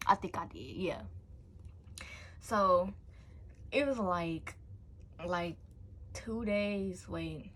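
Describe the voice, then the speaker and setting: A young woman vlogger telling a storytime in an animated, slangy way, tossing in "blah, blah" asides. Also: lowish voice, extremely slow, pauses often. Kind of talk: storytime vlog.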